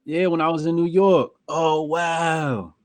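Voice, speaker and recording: A man co-hosting a podcast in casual chat, animated and quick to laugh loudly. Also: a little high, no room sound. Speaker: podcast co-host.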